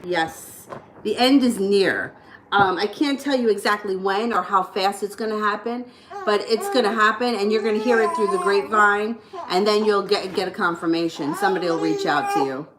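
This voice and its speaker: A woman's voice: medium pitch, moderate pace. A woman giving a casual live tarot reading, chatty and reassuring as she answers viewers. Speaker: tarot reader. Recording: echoey room with clear background noise.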